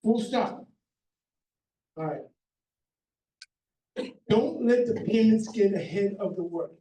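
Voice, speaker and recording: Emphatic high-voiced man in a roomy hall. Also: slow, dark tone. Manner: emphatic, numbered points, keeps asking "okay?". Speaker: contractor speaking at a seminar. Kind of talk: practical advice talk to an audience. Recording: roomy hall, mic far off.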